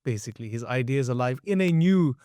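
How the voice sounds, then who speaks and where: A man hosting a podcast in a mellow, warm voice of middle pitch. He mostly listens and backs up his guest with short remarks. The recording is dry and close. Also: animated, brisk, clean tone, dry recording. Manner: supportive listener, short agreeing interjections. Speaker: podcast host. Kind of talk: podcast conversation.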